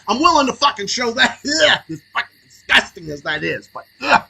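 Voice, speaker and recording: A young man hosting a podcast stream, ranting angrily and sarcastically, swinging between low muttering and shouting. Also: very animated, normal speed, vocal fry, breathy edge, low-quality recording. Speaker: podcast host. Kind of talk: profane political rant on a livestream.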